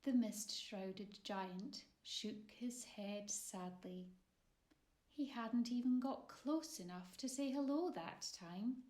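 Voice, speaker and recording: A woman narrating her own children's story in an expressive, measured way. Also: medium pitch. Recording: roomy echo.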